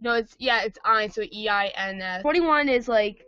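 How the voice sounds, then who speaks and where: Loud bright-voiced teen girl, swearing. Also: mid-range voice, moderate pace, clear, resonant tone, dry recording. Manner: loud, swearing, bursts of shouting and singing. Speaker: student chatting with a friend. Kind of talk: casual chat on a call. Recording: dull lo-fi screen recording.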